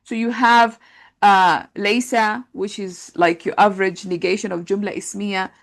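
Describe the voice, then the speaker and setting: A woman teaching an Arabic grammar class, talking through translations in a relaxed conversational way with many fillers. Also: mid-range voice, moderate pace. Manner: explains patiently, thinks aloud with many fillers; reads translations aloud and compares them.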